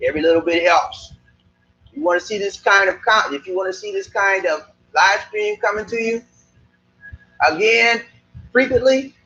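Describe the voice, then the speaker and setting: A man's voice: sits high, fairly bright tone, dull audio. A man from Charleston with a Geechee accent, hosting a casual live stream and talking straight to his viewers. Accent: Gullah Geechee, Charleston. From Charleston, South Carolina. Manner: chatty, repeats himself, talks to viewers directly. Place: Philippines, Cebu area.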